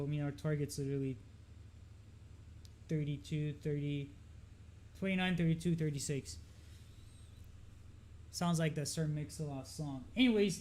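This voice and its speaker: A young man from Lebanon talks loosely over trading charts on a live stream, pitched a touch above most men. He drifts and repeats himself, filling pauses with ums and asides. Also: a little mellow. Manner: loose, rambling, lots of fillers and repeats. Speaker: market analysis streamer.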